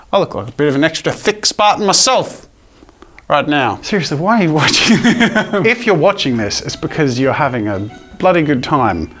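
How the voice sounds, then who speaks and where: This art YouTuber, an adult man, runs a comedic drawing challenge vlog full of playful, self-deprecating asides to his audience and occasional excited shouts. Drawing with a long pole has left him physically tired. He speaks at a fairly high pitch over faint background music.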